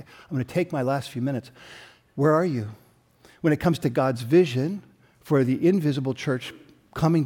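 A man as pastor preaching a sermon, telling a story and building to emphatic peaks, with frequent throat-clearing. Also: on the high side, mellow.

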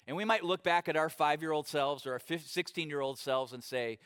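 A middle-aged man preaching a sermon as pastor, talking in a conversational, animated way and telling stories with acted-out quotes. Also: fairly high pitch, fairly quick, clear, resonant tone.

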